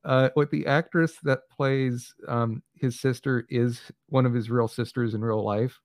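A man's voice: medium pitch, steady tone, unhurried, no echo, clean studio sound. A man co-hosting a podcast and reviewing a film in casual chat, wry and rambling, with many restarts.

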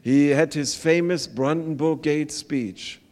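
Older german-accented pastor telling his story, earnest, halting english, lots of uhs. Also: a little high, darkish tone. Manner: earnest, halting non-native English with many fillers. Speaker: visiting pastor. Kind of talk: testimony sermon.

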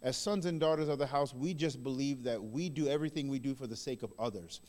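A male pastor in his thirties preaching a sermon, swinging between loud emphatic bursts and soft hushed phrases. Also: medium pitch, fast. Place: large church hall. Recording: long reverb in a large hall.

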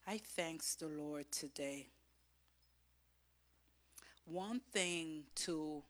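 Woman pastor, unhurried sermon delivery, impassioned swings from loud to hushed. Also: low voice. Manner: impassioned, rising to loud exhortation then dropping soft. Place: church.

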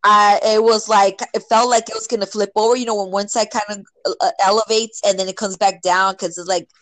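A woman casually telling a personal story, filling it with "like" and "right?" and acting out quotes with sudden jumps in pitch. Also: steady tone, fairly quick, a bit bright, dry recording, poor audio. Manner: filler-heavy, many "like" and "right?".

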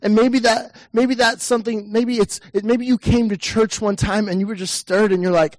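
A high-voiced man preaches a lively sermon to a church congregation, swinging into shouted lines as he plays the listener's inner thoughts. The sound is close and dry, with no room echo. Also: moderate pace, hardly any pauses. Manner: animated, acts out the listener's inner voice, rising to shouts. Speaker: pastor.

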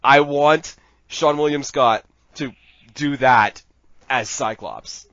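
A man's voice: mid-range voice, slow, fairly bright tone, dry recording. A man in a casual fan-casting chat, rambling and crude, laughing often. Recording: dull lo-fi sound.

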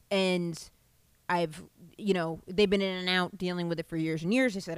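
A woman's voice: on the low side, a little fast, clean tone, dry recording. Profane woman telling a rambling comic story. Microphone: home podcast mic.

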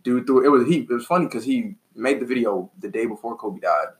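A young man sits in as the podcast's intern and tells stories casually. He talks at a rapid clip in an easygoing way. His voice stays at a mid pitch. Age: young adult. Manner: quick, easygoing storytelling. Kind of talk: casual chat.

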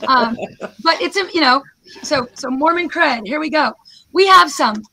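A hoarse American woman speaks high and bright, with a snarky, self-deprecating wit. She is a professor presenting over a video call, her worn voice still carrying a crisp edge. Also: moderate pace. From United States.

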